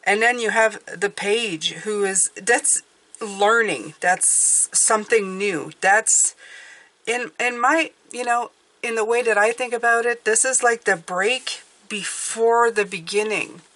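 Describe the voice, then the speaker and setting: A woman's voice: medium pitch, takes it slowly, a bit bright. A woman giving a casual, rambling intuitive tarot reading, often checking in with "okay?". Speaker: tarot reader.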